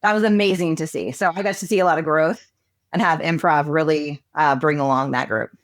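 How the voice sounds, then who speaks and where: A woman speaks as a guest in a relaxed podcast conversation. Her voice sits a little low, and she tells her stories in a chatty, expressive way, full of "um" and "like." Her delivery stays loose and conversational. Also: a little fast. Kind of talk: casual interview chat.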